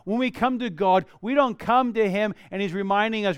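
A man in his thirties preaching with a high, smooth voice, recorded close and dry. He swings from loud, animated exclamations to soft, hushed asides as he speaks to his congregation. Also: normal speed, no room sound. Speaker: pastor. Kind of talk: sermon.

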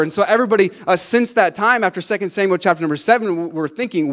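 A man in his thirties preaching a sermon to a congregation. He moves between hushed, conversational asides and fervent, emphatic declarations. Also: high-pitched, fast, few pauses. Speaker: pastor.

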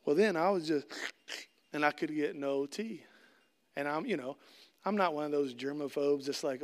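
A man's voice: on the high side, moderate pace, pauses often, darkish tone. A middle-aged man preaching a conversational sermon, asking the congregation questions and acting out little scenes with jokes. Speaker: pastor.

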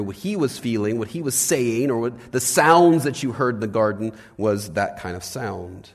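A man preaching a sermon as pastor, animated, swinging between loud bursts and hushed lines and asking his listeners questions. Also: mid-range voice, moderate pace, hardly any pauses. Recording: long hall reverb.

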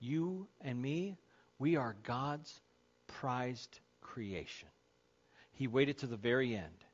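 A man's voice: medium pitch, expressive, takes it slowly, lo-fi sound. A man preaching a sermon as pastor to his congregation, conversational and joking with them. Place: church sanctuary.

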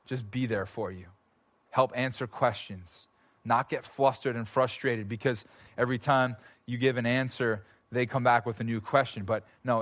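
A man's voice: mid-range voice, a bit bright. Earnest man preaching a sermon. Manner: earnest, conversational, swells into intense pleading prayer. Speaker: pastor. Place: church sanctuary.

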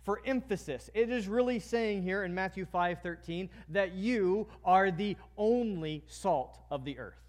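A man pastor giving a sermon with a prayer, earnest and emphatic, with swings from quiet prayer to loud exhortation. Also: high-pitched, measured pace, few pauses.

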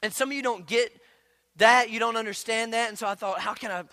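A pastor in his thirties delivers a sermon in a high, bright voice. He tells personal stories almost quietly, then surges into loud, driving emphasis. His tone stays forceful and clear throughout. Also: a little fast. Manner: swings from hushed storytelling to loud emphatic preaching.

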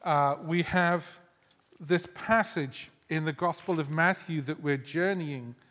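A man preaching a sermon as a guest pastor, conversational and gently humorous, reading scripture aloud. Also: on the high side, takes it slowly. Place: church sanctuary. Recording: long hall reverb.

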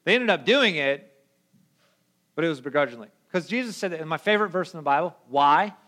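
A young adult male pastor giving a casual, conversational sermon in an animated, slangy way. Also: on the high side, brisk. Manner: animated, slangy, acts out quoted voices.

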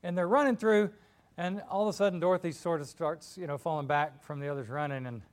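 A man's voice: on the high side, quick pace. Candid, chatty male preacher. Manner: conversational, candid, animated storytelling. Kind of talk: sermon.

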